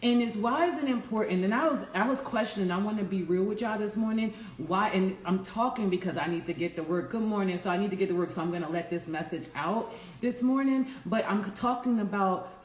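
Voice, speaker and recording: Woman, life coach, earnest, preachy, casual inspirational talk, mid pitch, roomy echo. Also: fairly quick, hardly any pauses. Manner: earnest, preachy, addresses listeners as y'all.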